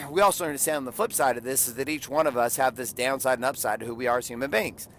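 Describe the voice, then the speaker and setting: A man's voice: medium pitch, fast, fairly bright tone, a little hiss or hum. A man in his forties tells a parenting story in a blunt, profane, preachy way. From California. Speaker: father and podcaster. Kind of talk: blunt motivational monologue.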